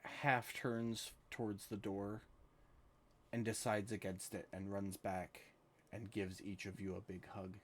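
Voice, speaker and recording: A man's voice: lowish voice, little pitch movement, takes it slowly, slight background noise. A man narrating a tabletop game as game master, in a laid-back way with frequent fillers.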